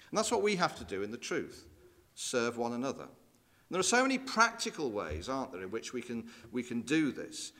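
Man, preacher, sermon, lively rising and falling delivery, reads scripture aloud. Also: mid-range voice. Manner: expressive, rising and falling emphasis with rhetorical questions; quotes scripture in old-fashioned wording.

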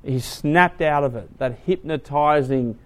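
A man preaching a sermon, retelling a story dramatically, swinging from hushed to loud. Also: a little high, unhurried.

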